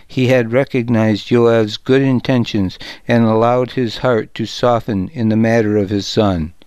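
Male audiobook narrator, slow, smooth, dry studio sound. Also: mid-range voice, no room sound. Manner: calm, measured storytelling.

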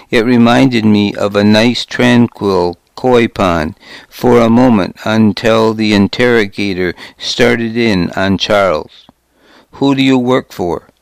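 A man narrating a first-person story in a measured, wry audiobook reading on a close microphone. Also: fairly low pitch, smooth, dry recording.

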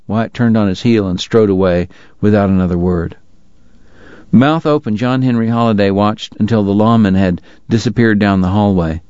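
A man reading a story aloud as its narrator, with steady storytelling. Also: fairly low pitch, normal speed, clear, resonant tone, dry recording, dull audio. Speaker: audiobook narrator. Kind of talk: scripted narration.

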